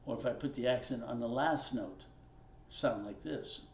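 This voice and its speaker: A man's voice: mid-range voice, normal speed, creaky. A man teaching drums at his kit, plainspoken and patient, who repeats his points and checks in with "okay" as he explains step by step. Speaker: drum teacher. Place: room with a drum kit. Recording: roomy echo, faint noise.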